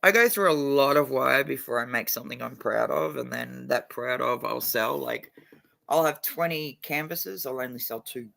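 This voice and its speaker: Foul-mouthed guy streaming, bit drunk and stoned, gravelly bright voice. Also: medium pitch, normal speed. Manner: crude, profane and blunt. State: tipsy and stoned. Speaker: livestreamer. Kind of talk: casual livestream chat.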